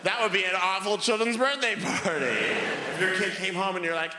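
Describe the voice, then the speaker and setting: A man's voice: high-pitched, normal speed. A man doing stand-up comedy, telling wry stories on stage in a live venue. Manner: animated, wry storytelling. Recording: live hall reverb, faint room noise.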